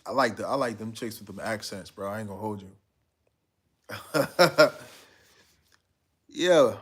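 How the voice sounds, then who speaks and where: A man's voice: fairly low pitch, expressive, a little slow, breathy edge. A man hosting a live stream, chatting casually and reading out viewer comments in a laid-back, slangy way. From United States.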